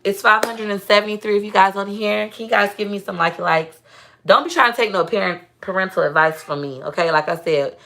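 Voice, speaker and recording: A woman's voice: medium pitch, gravelly, bright, forceful tone, a little hiss or hum. A young woman chatting casually to viewers on a livestream, telling family stories. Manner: chatty, storytelling, talks straight to viewers. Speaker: livestream host. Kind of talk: casual live-stream chat.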